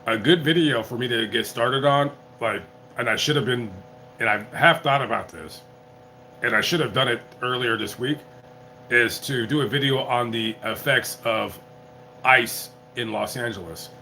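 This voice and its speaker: A man's voice: medium pitch, normal speed, pushed and bright, a little hiss or hum. A man hosting his own livestream, talking casually in a rambling way with lots of fillers and restarts. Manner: rambling, self-interrupting, many fillers. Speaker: YouTube livestream host.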